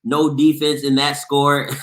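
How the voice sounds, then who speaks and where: A man hosts a casual sports call-in show, joking and reading the chat out loud. His voice sits a bit high and sounds bright and forceful. It rings in a roomy, echoey space. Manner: loud and playful, reads chat aloud, bursts into shouts and laughs. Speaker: sports show host taking callers.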